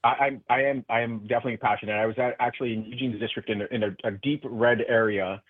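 A man guest on a political radio interview, talking earnestly with many halting restarts over a phone line. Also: medium pitch, steady tone, no echo. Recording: tinny phone line, dry.

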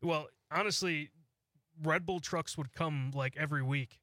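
A man co-hosts a radio talk show, joking back at the host and laughing easily. His voice sits a little high. The studio sound is close and dry. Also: measured pace, pushed and bright, no echo. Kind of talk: casual radio banter.

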